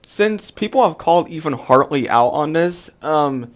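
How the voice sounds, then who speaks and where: A man with a high voice delivers an exasperated commentary rant, packed with "like" and "bro". The sound is dry and close, with no room echo. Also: animated, unhurried. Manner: exasperated, fills talk with "like" and "bro". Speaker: YouTube commentator.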